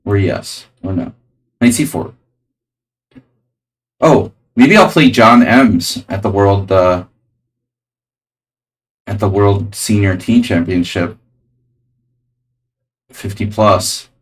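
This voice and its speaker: A man's voice: on the low side, slow, pauses often, distant mic, rough recording. A man streaming chess, thinking aloud over his moves with dry, jokey asides. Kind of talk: live-stream chess commentary.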